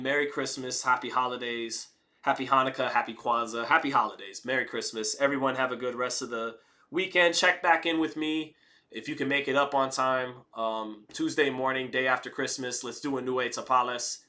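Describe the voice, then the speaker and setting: Man, livestream host, bright voice, relaxed, slangy and formal by turns, chatty. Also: mid-range voice, normal speed. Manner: laid-back, switches between formal and slangy. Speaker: livestream host reading chat. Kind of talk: casual live commentary chat.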